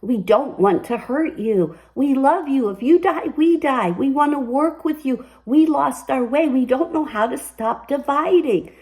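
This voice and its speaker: Woman doing a gentle leukemia voice, apologetic, pleading, slightly high. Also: lively intonation, unhurried, few pauses. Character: lost, pleading leukemia cells speaking as one. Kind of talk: acted quote in a spoken monologue.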